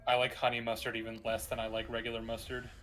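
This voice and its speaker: A man in casual gaming chat over a call, talking in animated, swearing rants with stammered restarts. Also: mid-range voice, fast, slight background noise. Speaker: co-host.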